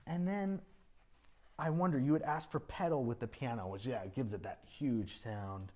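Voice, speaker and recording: Man running a composition master class in a music school rehearsal room. His voice sits at a middle pitch. He is encouraging and sings out rhythms to show phrasing. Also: fairly quick, dark tone. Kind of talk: coaching a student composer at a rehearsal.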